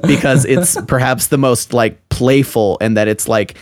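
A man's voice: medium pitch, steady tone, normal speed, no echo, studio quality. A man co-hosting a podcast in casual chat, rambling and thinking aloud with frequent restarts. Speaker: podcast co-host.

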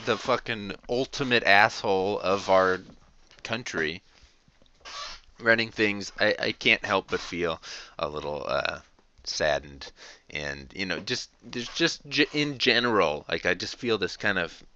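A man talks through a rambling, profane podcast monologue, full of fillers and quick laughs. His voice sits on the low side but comes across bright and smooth. The recording sounds dull and lo-fi. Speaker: podcast host.

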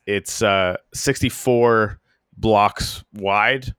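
A man with a very deep voice hosts a relaxed podcast conversation, wandering through his thoughts with plenty of "um"s and restarts. He is from the Canadian Arctic, and the sound is close and dry with no room echo. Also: normal speed. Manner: rambling, many fillers and restarts. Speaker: podcast host. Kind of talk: casual podcast chat.

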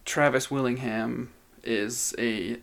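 Man, podcast co-host, casual chat, gravelly creaky voice, chatty storyteller. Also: mid-range voice, fairly even intonation, slow, a bit bright. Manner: chatty storyteller, says "like" often.

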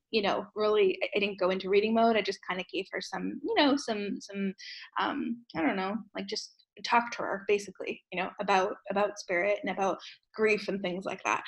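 A woman's voice: medium pitch, low-quality recording. A woman who works as a medium, co-hosting a podcast and telling stories in a chatty way with plenty of fillers and restarts. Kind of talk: casual chat.

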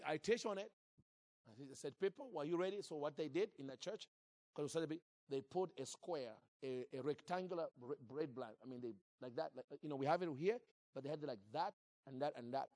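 A man preaching a sermon into a microphone in church, telling a story in a lively, acted-out way. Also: on the high side, no room sound, studio quality. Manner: animated, acts out scenes and jokes with the crowd. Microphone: handheld or stand mic.

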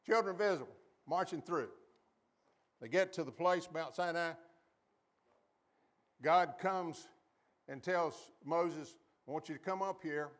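A man preaching a sermon as a pastor, calling on the congregation to repeat after him and acting out quoted voices with sudden high jumps in pitch. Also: unhurried, pauses often.

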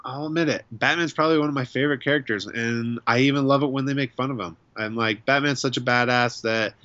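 A man with a bright, forceful voice chatting casually as a show co-host. He gushes enthusiastically. The sound is dry and a bit muffled. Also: mid-range voice, fairly even intonation, quick pace, dry recording. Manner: enthusiastic, gushing. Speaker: podcast co-host. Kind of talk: casual chat.

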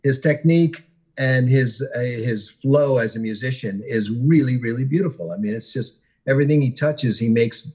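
A guest musician speaks in a husky, worn voice, hoarse from a long day of talking. He rambles through a story with frequent pauses and fillers, friendly and unhurried. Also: mid-range voice. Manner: rambling, many pauses and uhs, warm storyteller. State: hoarse, losing his voice. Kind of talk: interview storytelling.

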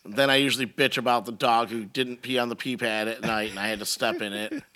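A man's voice: medium pitch, fairly quick. A middle-aged man in casual chat, ranting and telling stories, with plenty of swearing. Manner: profane, animated ranting storytelling.

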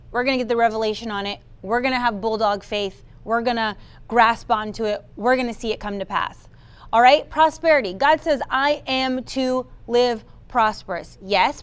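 A woman's voice: fairly high pitch, fairly bright tone, smooth. A woman preaching a sermon, emphatic, acting out what believers should say and calling on listeners by name. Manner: emphatic, quotes the congregation's inner voice.

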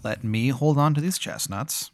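A man's voice: mid-range voice, moderate pace, no echo, pitched above the performer's own voice, close to an everyday voice. A man voicing a shrugging male wizard with a Maryland accent in improvised comedy role-play. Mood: offhand.

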